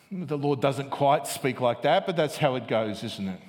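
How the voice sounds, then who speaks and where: A man's voice: medium pitch, lively intonation, moderate pace, hardly any pauses, a little mellow. A man preaching a sermon, reading scripture aloud and often asking his listeners "don't we?" as he goes. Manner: asks the congregation "isn't it?" often, with restarts. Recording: long reverb of a large hall.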